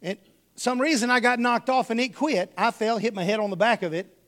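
A man's voice: very high-pitched, fairly quick, a bit bright. A man from Texas, preaching a sermon full of folksy personal stories and calling his congregation y'all.

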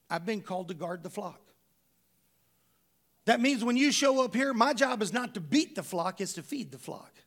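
High, gravelly-voiced man preaching. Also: animated, normal speed. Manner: emphatic, conversational preaching with rhetorical questions. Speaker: pastor. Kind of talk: sermon.

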